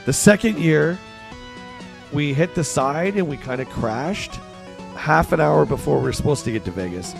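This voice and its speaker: Chatty Canadian streamer, lively pitch. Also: male voice, moderate pace, creaky, over music. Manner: chatty, reads and answers chat aloud. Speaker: streamer host. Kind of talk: casual livestream chat.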